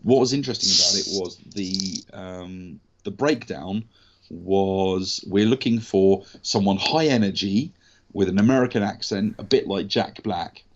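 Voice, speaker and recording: An English man with a lowish voice tells a story candidly and with energy, the odd swear word thrown in. The sound is dull and lo-fi, as if from a call. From England. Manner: candid, animated anecdotes with mild swearing. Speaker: actor guest. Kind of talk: casual storytelling interview.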